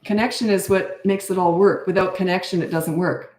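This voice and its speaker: A woman's voice: fairly low pitch, steady tone, a little fast, a little mellow. An older woman, a parenting coach, answering viewer questions with casual advice in a chatty, emphatic way and drifting into anecdotes. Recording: roomy echo.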